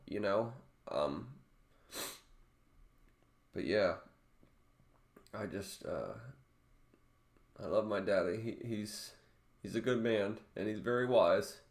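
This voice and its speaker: Emotional man, halting, in an echoey room. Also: fairly low pitch. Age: adult father. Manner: halting, emotional, many restarts. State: emotional, close to tears. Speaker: vlogger. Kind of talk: emotional personal vlog.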